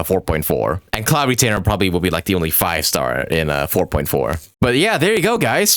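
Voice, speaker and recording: Excitable male game streamer, lively pitch. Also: no room sound, studio quality. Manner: excitable, laughs often, swears freely; rambling, with frequent fillers and restarts. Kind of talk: casual stream reaction commentary.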